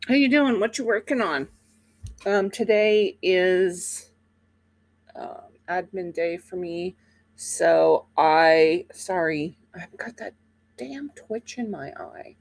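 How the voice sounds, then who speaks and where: A woman's voice: on the low side, expressive, slow, gravelly, darkish tone, dry recording. A woman hosting a casual livestream, chatting to viewers in a rambling way with many fillers, sleepy and yawning. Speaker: livestream host.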